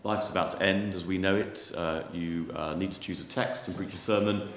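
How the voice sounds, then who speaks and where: A man voicing the archangel Gabriel, a brisk male messenger of God who asks direct, formal questions, in a joke told during a sermon. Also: sits low, steady tone, echoey room, a little hiss or hum, natural voice. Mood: grave.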